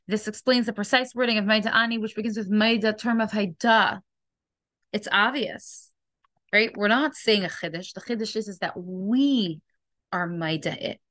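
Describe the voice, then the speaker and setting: A woman giving an inspirational religious lesson as a program host, earnest and emphatic, asking rhetorical questions in quick bursts. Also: medium pitch, a bit bright, no echo.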